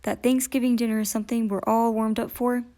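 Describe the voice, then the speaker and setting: A woman voicing a gentle, simple male teddy bear in a storybook read-aloud, speaking in a polite, earnest manner. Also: fairly high pitch, level tone, quick pace, lightly acted. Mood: content.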